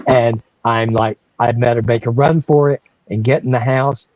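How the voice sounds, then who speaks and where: A man in his sixties from North Carolina, a guest telling a childhood story in a casual, animated way, with frequent laughs and restarts. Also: medium pitch, moderate pace, dry recording, muffled recording. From North Carolina, USA.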